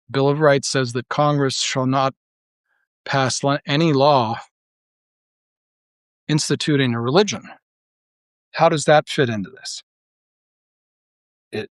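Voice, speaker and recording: A man's voice: mid-range voice, no echo. A man delivering an unscripted monologue as an online commentator, heated and blunt, with profanity, rambling restarts and rhetorical questions.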